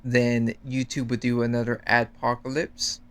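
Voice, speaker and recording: A man with a mid-range voice rants earnestly as a guest. He complains at length, steady and conversational. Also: mid-range voice, moderate pace, clean tone. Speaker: guest YouTuber. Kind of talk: casual chat.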